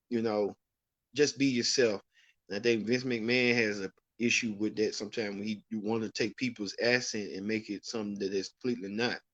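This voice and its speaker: A man's voice: mid-range voice, no room sound, dull audio. A man hosting a wrestling recap show, giving rambling, opinionated commentary with frequent restarts. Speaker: host.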